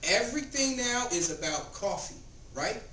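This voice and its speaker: A man in his thirties giving a motivational sales pitch to a group in a home, asking them questions as he goes. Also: expressive, moderate pace. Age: 30s. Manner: preachy, asks the room questions. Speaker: network marketing presenter. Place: living room of a home. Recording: roomy, distant and noisy home recording.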